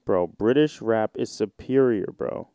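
A young man in his twenties hosts his own podcast and talks loosely in slang, with a mellow, warm tone. His voice sits dry and close, with no room around it. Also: on the low side, lively intonation, unhurried, clear, resonant tone, no echo. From United States. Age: 20s. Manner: rambling, joking, slangy and irreverent. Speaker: podcast host. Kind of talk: casual solo podcast chat.

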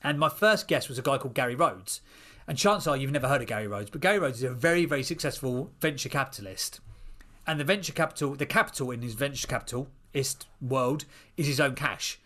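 A middle-aged man, a podcast guest, telling a personal story in an animated, casual way. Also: mid-range voice. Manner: animated, quick storyteller with restarts.

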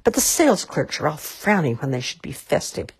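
A woman's voice: sing-song, a little fast, gravelly, husky, heavily acted. A woman voicing a grumbling, blustery male store owner in a storybook reading. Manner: blustery, booming.

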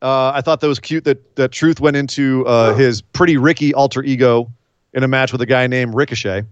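A man hosting a casual chat about wrestling, animated, with frequent laughs and quick asides. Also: medium pitch, clean tone, dry recording. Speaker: podcast host. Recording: dull lo-fi dry sound.

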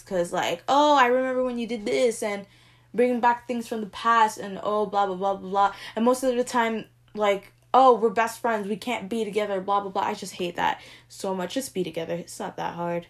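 A young woman chatting casually and gushing as she ranks romance book tropes, swinging between excited squeals and soft murmurs. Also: medium pitch. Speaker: book vlogger ranking tropes. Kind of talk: casual chat.

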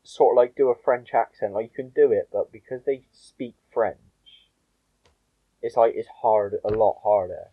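A man's voice: lowish voice, moderate pace, breathy edge, no room sound, narrow, tinny audio. A young man with a Bristol accent, co-hosting a podcast in laid-back, rambling casual chat. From England. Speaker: podcast co-host.

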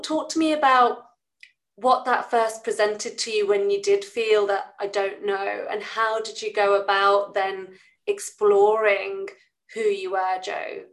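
A woman's voice: mid-range voice, poor audio. A woman hosting an interview, speaking reflectively in long, thoughtful questions. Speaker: podcast host. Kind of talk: interview conversation.

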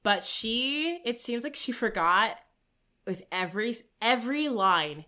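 A young woman with a bright, forceful tone shares emphatic, wry takes in a casual film chat. Her voice sits a little high, and she states her opinions with clear conviction. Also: lively intonation, measured pace. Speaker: podcast co-host. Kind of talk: casual movie review chat.

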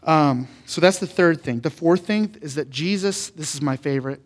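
A man's voice: a little high, moderate pace. A man in his thirties, a pastor preaching a conversational sermon with repeated rhetorical questions. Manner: animated and repetitive, full of rhetorical questions.

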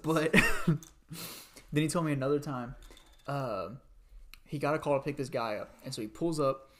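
Brief: chatty podcast host, loose rambling delivery, middle pitch. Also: normal speed, fairly bright tone. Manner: rambling, many "like"s, laughs while telling. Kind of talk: casual storytelling chat.

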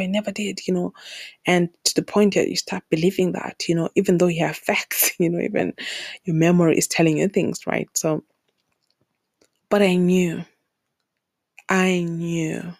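A woman's voice: on the low side, no room sound, studio quality. A woman from Zimbabwe hosting a solo podcast, talking earnestly and repeating words for emphasis. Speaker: podcast host. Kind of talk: heartfelt solo podcast talk.

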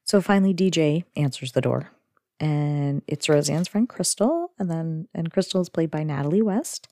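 Low gravelly woman podcaster, chatty recap, lots of "like", dry close sound. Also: animated, normal speed, dark tone, no room sound. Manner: chatty, lots of "like" fillers, giggly asides. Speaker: podcast host. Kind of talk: casual episode recap.

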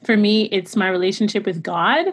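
A woman who sings opera, talking earnestly in a casual interview, full of "like" fillers and quick laughs. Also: mid-range voice. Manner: chatty and earnest, filler-heavy with frequent "like"; laughs often while talking. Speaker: opera singer, interview guest.

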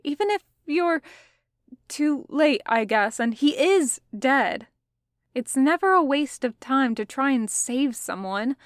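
Woman reading an earnest, hopeful young man; high, bright and slow, dry recording. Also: animated, no echo.

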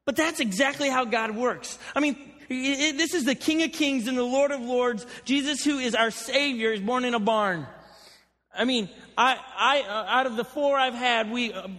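A man's voice: extremely high pitch, sharp tone. A man preaching a sermon, telling joking stories from his own life to a church crowd. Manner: chatty, joking storyteller. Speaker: pastor. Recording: long hall reverb.

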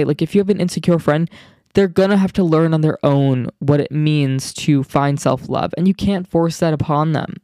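A young man chats alone on his podcast, bubbly and quick to get excited, with plenty of slang and fillers. His voice sits a little high for a man. The sound is dry and close, with no room echo. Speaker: podcast host. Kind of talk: casual solo podcast chat.

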